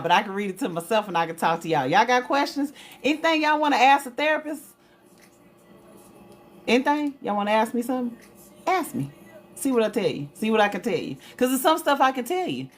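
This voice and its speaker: A woman, chatting casually on a live stream and reading aloud from her own writing in an animated, chatty way. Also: medium pitch. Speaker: livestream host and author.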